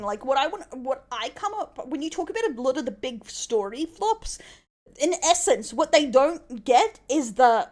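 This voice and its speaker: Australian woman streamer, high lively voice. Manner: loose, swearing, quick to laugh. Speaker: streamer reacting to a video. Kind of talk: casual chat.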